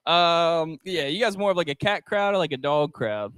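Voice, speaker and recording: A young man doing a stand-up set with crowd work on a restaurant stage, talking haltingly with many ums and likes into a handheld mic. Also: fairly high pitch, fairly bright tone, smooth, dry recording. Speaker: stand-up comedian.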